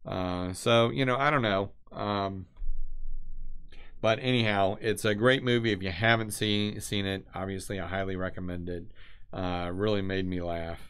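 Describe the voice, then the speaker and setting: Nasal guy streaming live, kinda low voice, rambles and restarts a lot, gets excited. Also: normal speed, clear, resonant tone. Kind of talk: casual rambling chat.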